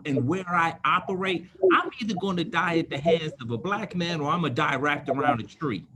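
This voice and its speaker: A man's voice: a little high, sharp tone, a little hiss or hum. A man in his fifties, an attorney on a panel, telling stories emphatically and repeating words to drive points home. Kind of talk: panel discussion.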